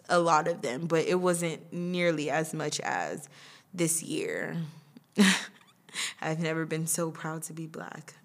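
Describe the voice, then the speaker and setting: A young adult woman hosting her own podcast, talking casually about her year, chatty and quick to laugh. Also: low-pitched, creaky, fairly bright tone. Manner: chatty, laughs often, acts out quoted voices. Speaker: podcast host. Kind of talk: casual personal monologue.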